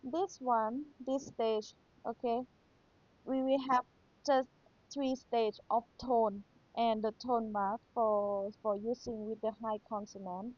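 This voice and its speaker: A woman's voice: on the high side, fairly even intonation, slow, darkish tone. A woman teacher with a Thai accent, patiently reviewing material for an exam and repeating key points. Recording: dull lo-fi sound.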